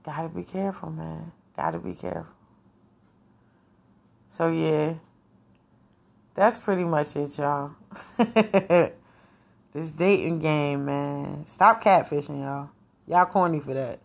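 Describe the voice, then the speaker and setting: A woman's voice: sits low, takes it slowly, gravelly, long pauses. Laughing, profane woman vlogger. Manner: frank and profane, laughs often; slangy, rambling with restarts. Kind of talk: casual chat to viewers.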